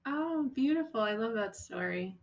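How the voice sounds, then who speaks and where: A woman's voice: a little high, expressive, moderate pace, vocal fry, lo-fi sound, slight background noise. A woman hosting a podcast, asking interview questions and giving brief supportive replies. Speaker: podcast host. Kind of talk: interview questions and short affirmations.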